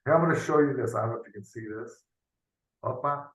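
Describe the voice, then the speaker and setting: A man's voice: mid-range voice, quick pace, fairly bright tone. A man tutoring math in a loose, unscripted lesson, thinking aloud and often ending with tag questions, heard over a video call. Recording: roomy, from off the mic.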